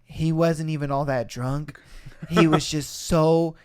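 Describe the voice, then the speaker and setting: A young man with a slightly high, clean-toned voice narrates a story slowly on his podcast. His casual telling is animated and full of profanity, with voices acted out whenever he quotes someone.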